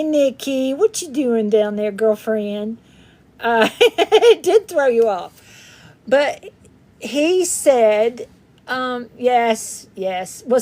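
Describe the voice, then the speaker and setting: A woman's voice: on the high side, darkish tone. A woman hosting a craft livestream in casual, rambling chat, greeting viewers by name and laughing often.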